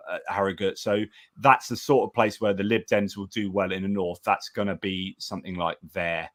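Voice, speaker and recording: On an election-night live stream, a man with a fairly low voice hosts casually, rambling, restarting often, and reading out viewer comments.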